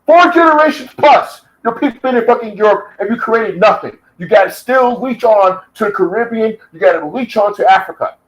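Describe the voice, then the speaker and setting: American guy going off in a rant, swearing a lot, kinda high-pitched voice. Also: fairly quick, few pauses, rough recording. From United States. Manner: heated, profane, combative. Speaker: YouTube commentator. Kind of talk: angry reaction rant.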